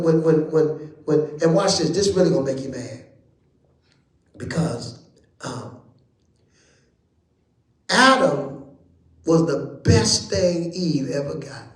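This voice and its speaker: High-voiced preacher in an echoey church. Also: male voice, a little slow, long pauses. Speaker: bishop teaching Bible study. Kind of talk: lively preaching to a congregation.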